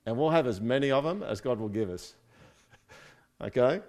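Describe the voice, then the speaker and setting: A man's voice: mid-range voice, expressive, measured pace, a little mellow. A man preaching a casual, conversational sermon, with joking asides and frequent "right?" check-ins to his listeners. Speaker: pastor.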